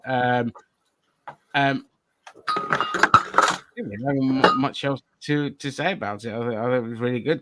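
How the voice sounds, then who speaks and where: A man's voice: mid-range voice, pushed and bright, no room sound. A man hosting a casual review podcast, rambling loosely and swearing casually. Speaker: podcast host.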